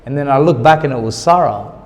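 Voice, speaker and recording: A man's voice: mid-range voice, quick pace. Man telling his story in a reverberant hall. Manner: emotional, retells conversations in quoted dialogue. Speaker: interview guest, former boxer. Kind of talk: candid storytelling interview.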